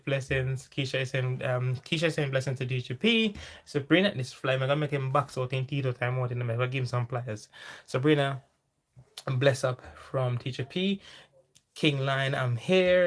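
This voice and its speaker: A man with a Jamaican accent hosting a livestream, chatting casually, reading out viewer comments, laughing often and slipping into patois. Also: mid-range voice. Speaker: livestream host. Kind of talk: casual live-chat reading.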